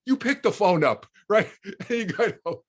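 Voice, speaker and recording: A man's voice: high voice, lively intonation, measured pace. A man in his sixties telling a personal story as a guest on a video call, rambling with repeated words and restarts. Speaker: guest speaker.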